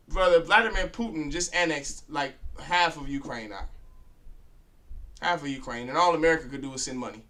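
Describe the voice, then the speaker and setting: A man lectures a class like a street preacher, his voice pitched high and ringing bright. He is blunt and crude, throwing rhetorical questions at the room and demanding answers. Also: fairly quick. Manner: confrontational, fires rhetorical questions at students. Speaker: class teacher.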